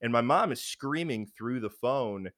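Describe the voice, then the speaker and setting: A man's voice: medium pitch, expressive, a little slow, a bit bright, no room sound, clean studio sound. A man telling a personal story in casual chat, frank and rambling with many fillers and restarts.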